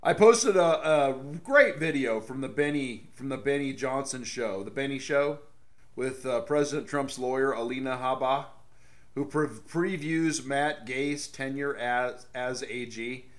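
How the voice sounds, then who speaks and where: A man's voice: medium pitch, measured pace. A man hosting casual political commentary in a sarcastic tone, laughing at his own jokes. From American South. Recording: echoey room.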